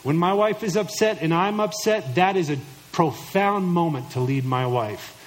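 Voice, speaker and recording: A man's voice: sits high, normal speed, rough recording. A middle-aged man preaching a sermon to husbands, emphatic and direct, acting out imagined listeners in mock voices. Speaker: pastor.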